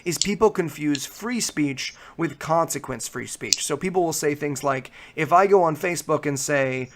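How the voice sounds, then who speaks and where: A man's voice: fairly high pitch, normal speed, background noise. A man guesting on a podcast, explaining his views at length in earnest, casual discussion.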